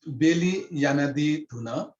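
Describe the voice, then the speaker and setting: A man's voice: on the high side, a little slow, darkish tone. A man teaching an online language lesson, patiently explaining pronunciation step by step and repeating phrases. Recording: echoey, dull lo-fi audio.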